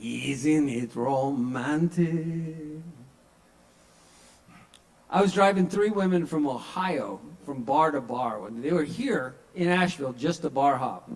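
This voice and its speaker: A man's voice: on the high side, lively intonation, normal speed, hardly any pauses, poor audio. A man under forty-five doing a stand-up set at an open mic in a small bar, telling stories in a loose conversational way and acting out the people in them. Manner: conversational storytelling, acts out quoted voices.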